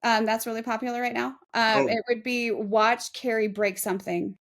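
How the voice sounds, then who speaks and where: A woman's voice: a little high, flat delivery, normal speed, fairly bright tone. A woman in her forties, a real estate agent, chatting in an interview in a self-deprecating, laughing way. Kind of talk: casual interview chat.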